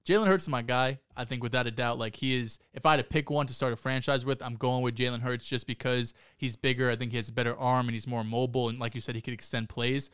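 A man with a smooth, clear voice and a middle pitch trades playful banter about football on a podcast, joking and teasing his co-hosts. He sounds close and dry on the mic. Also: fairly even intonation, quick pace, few pauses, a bit bright, dry recording. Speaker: podcast co-host. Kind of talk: casual sports talk.

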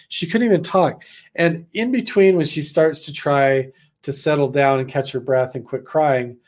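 Rambling man from Idaho telling a story. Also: medium pitch. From Idaho, USA. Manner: animated, rambling, heavy on "like" fillers. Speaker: storyteller, former missionary. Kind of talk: casual personal storytelling.

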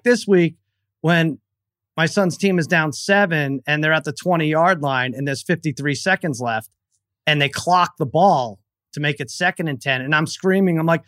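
A middle-aged man co-hosting a casual podcast chat, telling stories with animated energy. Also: on the high side, dry recording, studio quality. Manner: animated storyteller who acts out his own yelling. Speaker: co-host.

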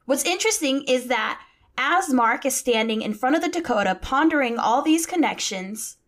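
A woman hosting a podcast, telling a true-crime story in a chatty way, swearing casually and reading out quotes. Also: on the high side. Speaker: podcast host.

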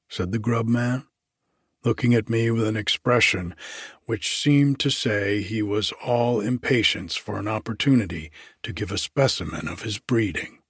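Guy reading a classic story aloud, husky and slow, dry close mic. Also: fairly low pitch, fairly bright tone, no room sound. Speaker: audiobook narrator. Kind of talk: first-person literary audiobook narration.

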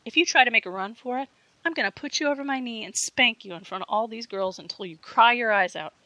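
A woman's voice: a little high, quick pace, bright, forceful tone, dry recording, highs cut off. A woman voicing a big, intimidating teenage girl who sneers and gives commands, in an audiobook reading. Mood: sneering commanding.

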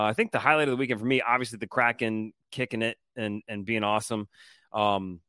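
A man's voice: mid-range voice, a bit bright, clear, resonant tone, dry recording, studio quality. A man in his thirties co-hosting a podcast, chatting casually in an upbeat, joking way with many "um"s. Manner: upbeat, jokey, hesitant fillers. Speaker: podcast co-host. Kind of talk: casual chat.

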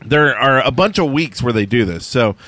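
A male podcast co-host who jokes with his friends and rambles through a sponsor read, filling pauses with "uh". His voice sits in the middle range and is recorded close and dry. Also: mid-range voice, animated, a bit bright, no room sound. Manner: joking, reads sponsor spot with fillers. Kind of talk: casual podcast chat with ad read.

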